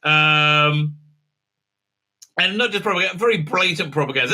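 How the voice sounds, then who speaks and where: A man's voice: a little high, fairly even intonation, normal speed, sharp tone. A man hosting a casual spoken review, talking sarcastically, with many filler sounds and mocking impressions. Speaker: show host reviewing episodes.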